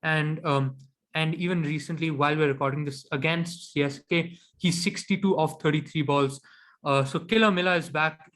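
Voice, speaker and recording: A man with a slightly higher-pitched voice co-hosts a casual cricket chat. He gives firm, analytical opinions on players and teams. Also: steady tone, normal speed, a bit bright. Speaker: cricket podcast co-host.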